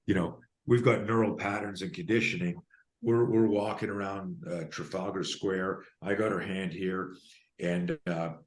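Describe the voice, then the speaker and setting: A man in his fifties from Canada, telling stories emphatically as a podcast guest and self-defense coach. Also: low-pitched. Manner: emphatic, animated storyteller. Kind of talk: podcast interview storytelling.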